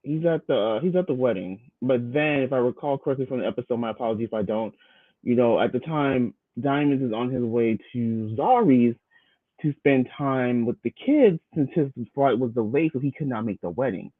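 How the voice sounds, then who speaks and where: A man's voice: medium pitch, normal speed, no echo. A man talks through a show recap in a loose, rambling way, dropping "you know" often. His voice comes through thin and tinny, like a phone line, with no room sound around it. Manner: loose and chatty, filler-heavy, acts out quotes. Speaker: podcast co-host recapping a reality show. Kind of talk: casual commentary recap.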